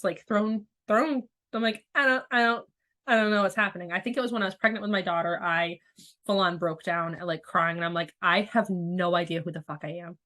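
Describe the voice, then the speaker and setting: A woman's voice: fairly low pitch, a bit bright. Candid, swearing woman telling her story. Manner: candid, profane, rambling with frequent restarts. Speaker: podcast host and spiritual coach. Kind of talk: casual storytelling monologue.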